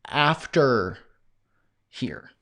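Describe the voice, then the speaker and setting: Canadian man, course host, live q&a call, rambling and jokey, mid-pitched voice, lots of ums. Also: lively intonation, very slow, a bit bright. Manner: rambling and jokey, with many fillers. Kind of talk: live Q&A call, reading chat comments.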